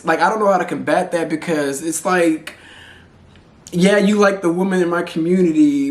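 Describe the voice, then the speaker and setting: A man from Texas giving blunt, profane commentary to camera as a vlogger. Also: fairly high pitch. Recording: roomy echo.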